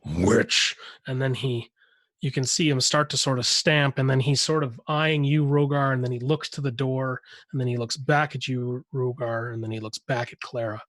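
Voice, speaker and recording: A man narrating a tabletop game as game master, often pausing and restarting his sentences. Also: mid-range voice, steady tone, a bit bright, no echo. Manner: hesitant, many restarts while describing.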